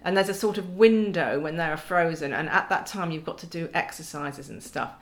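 A woman's voice: fairly low pitch, normal speed. A woman in her forties chatting as a podcast guest, wry and self-mocking, often laughing as she talks. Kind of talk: casual chat.

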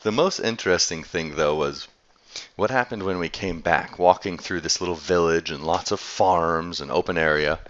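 A man's voice: sits low, moderate pace, fairly bright tone, lo-fi sound. A man telling a travel story in a casual, chatty way, laughing often as he goes.

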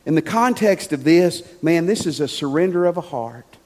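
A man delivers a sermon in a notably high voice, emphatic and conversational. He leans on rhetorical questions to draw the congregation in. A long reverb from the church hall trails his words. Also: animated, moderate pace, a little mellow. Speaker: pastor. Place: church sanctuary.

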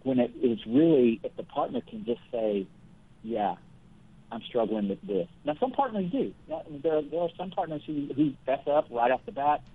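A man speaking as the guest counselor in a conversational interview, explaining things earnestly and in a measured way, with everyday examples. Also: a little high, very animated, vocal fry, husky. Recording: phone-like thin line.

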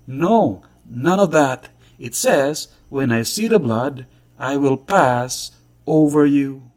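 A man delivering a short scripted gospel message in a measured, earnest way, quoting scripture. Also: mid-range voice, animated, a little mellow. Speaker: gospel preacher.

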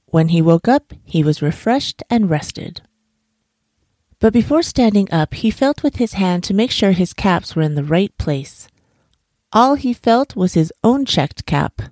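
A woman's voice: medium pitch, expressive, no echo, clean studio sound. Soothing woman reading a bedtime story. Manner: gentle, soothing, slow storytelling.

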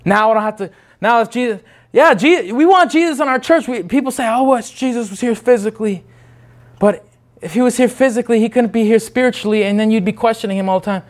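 A man preaches with fervor in a notably high voice. He restarts his phrases again and again and moves between loud, emphatic bursts and quiet, hushed asides. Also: fast talker. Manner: fervent, with many restarts and swings from loud to hushed. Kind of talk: impassioned sermon.

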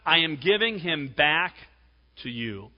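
An earnest, devout woman, pleading her case firmly in a raised, fairly high voice, as a male preacher puts her on. The recording is dull and lo-fi with a long hall echo. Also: very animated, takes it slowly. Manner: earnest and emphatic.

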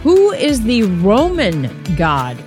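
A woman's voice: mid-range voice, huge pitch swings, slow pace, music in the background. A woman hosting a casual quiz podcast, chatting straight to the listener. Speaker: podcast host.

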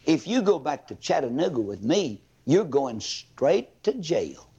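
A man's voice: a little high, big pitch swings, unhurried, warm tone, husky, heavily acted. A man voicing a stern, fed-up father who bluntly threatens his daughter.

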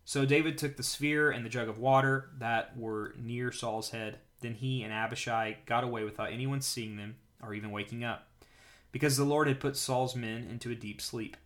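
A man hosting a daily Bible reading, reading passages aloud and paraphrasing them in a relaxed, conversational way. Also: medium pitch, normal speed. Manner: conversational, paraphrases in casual speech. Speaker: podcast host reading scripture.

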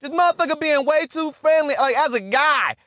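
A man retelling a film plot in casual, profane, animated talk, often stammering and repeating himself. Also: very high voice, brisk, no room sound, studio quality. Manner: animated, repetitive, swears constantly, stammers on restarts. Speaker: movie recap vlogger.

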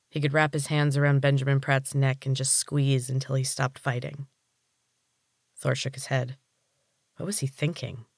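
Male podcast storyteller, mid pitch, dry close mic, steady read. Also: no echo. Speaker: story reader. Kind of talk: scripted audiobook narration.

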